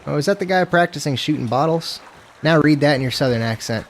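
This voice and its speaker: A man's voice: a little high, quick pace, a little hiss or hum. A man streaming a western game, chatting casually in loose, profane, self-mocking talk. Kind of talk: casual gameplay commentary.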